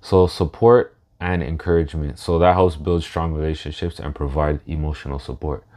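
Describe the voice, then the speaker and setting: A man in his thirties hosting a solo podcast in a casual way, slow and reflective, pausing to gather his thoughts. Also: extremely low pitch, steady tone, warm tone. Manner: emotional, laughs through his words. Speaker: podcast host.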